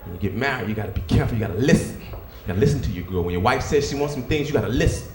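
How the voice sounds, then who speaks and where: A man performing a stand-up comedy set on a club stage, telling stories and acting out characters with loud outbursts. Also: medium pitch, rapid-fire, roomy sound, a little hiss or hum. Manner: animated storytelling, acts out characters with loud outbursts. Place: comedy club stage before a live audience.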